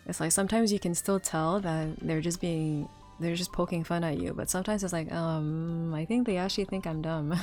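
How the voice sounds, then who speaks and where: A woman's voice: lowish voice, darkish tone. A woman streamer chatting casually with viewers, rambling with lots of fillers and restarts. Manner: rambling, many fillers and restarts, laughs often. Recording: faint music underneath.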